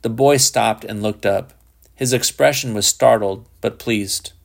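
A man narrating a literary short story in a measured, unhurried reading. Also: lowish voice, gravelly.

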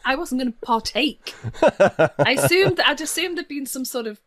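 A woman from Liverpool with a Liverpool accent, telling stories in casual chat, laughing often and swooping up in pitch. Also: normal speed. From Liverpool, England. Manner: animated storyteller, laughs often, voice swoops high in anecdotes.

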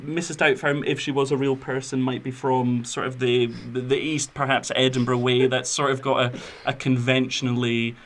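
A man's voice: medium pitch, level tone, moderate pace, hardly any pauses, fairly bright tone. A young man co-hosting a podcast, chatting about films in an enthusiastic, rambling way with plenty of fillers. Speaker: podcast co-host. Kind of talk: casual film chat.

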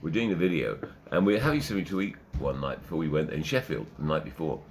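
An older man with a very deep voice tells stories with relish, mimicking the people he quotes and laughing along. A faint hiss sits under the recording. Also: fast. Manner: animated, acts out quotes and laughs. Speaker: interview guest, radio DJ and music man. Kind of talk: anecdotal storytelling.

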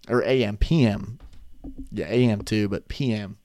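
A man's voice: lowish voice, lively intonation, slow, pauses often, darkish tone, no room sound. A man in his twenties talking casually into a desk microphone at home, rambling off on tangents while sleepy and yawning. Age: 20s. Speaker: vlogger.

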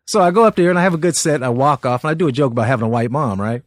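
A male comedian from Los Angeles telling stories on a podcast, animated and laughing often. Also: mid-range voice, rapid-fire, no room sound, studio quality. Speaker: guest comedian. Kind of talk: storytelling on a podcast.

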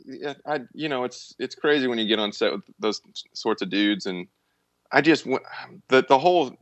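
A man guesting on a podcast, chatting casually about acting as a rambling, animated storyteller who restarts often. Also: medium pitch, normal speed, no echo, lo-fi sound. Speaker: guest, actor and musician.

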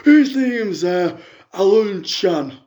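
A man's voice: sits high, expressive, slow pace, a little mellow, voice pushed up. A man voicing a brash, crude middle-aged woman calling in to a radio show, rambling and chatty. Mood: gossipy.

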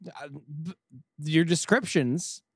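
A man's voice: fairly high pitch, animated, slow pace, slightly rough, no echo, studio quality. A young man co-hosting a podcast, teasing and disbelieving in casual banter. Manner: teasing, incredulous. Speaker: podcast co-host.

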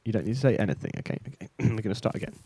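A man co-hosting a comedy podcast, playful and bossy, breaking into loud drawn-out mock announcements. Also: lowish voice, animated, husky, dry recording. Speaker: podcast co-host.

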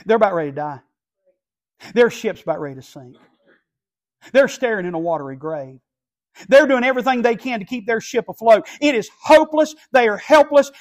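High-voiced preacher shouting from the pulpit. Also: male voice. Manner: impassioned, swings from hushed to shouting. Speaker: pastor. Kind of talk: sermon. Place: church pulpit.

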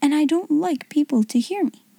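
A woman voicing a clever, imaginative young schoolgirl in a soft whispered role-play, hushed and wondering. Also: sits high, moderate pace, gravelly, dry recording, pitched above the performer's own voice.

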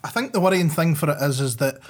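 A man co-hosting a podcast, jokey and rambling with halting restarts. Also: a little high, lively intonation. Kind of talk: casual chat.

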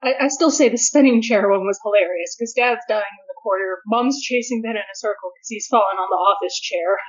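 A woman's voice: medium pitch, brisk. A woman chatting casually with her brothers, recalling family stories with laughter and swearing. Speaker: sister in a family chat. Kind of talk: casual chat. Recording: dull lo-fi sound.

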